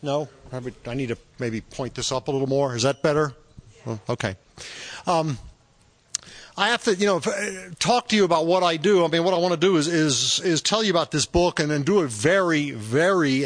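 A man speaking on a microphone to a live bookstore audience as a touring author, rambling with many fillers and restarts. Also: medium pitch. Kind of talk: casual talk at a book event. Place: bookstore event room.

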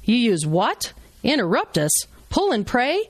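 A woman's voice: on the high side, huge pitch swings, measured pace, dry recording, full character voice. A woman reading aloud as a brash, joking male surgeon who is teaching a procedure. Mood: teasing. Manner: blunt, wisecracking, instructive. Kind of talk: reading a novel aloud to a live audience.

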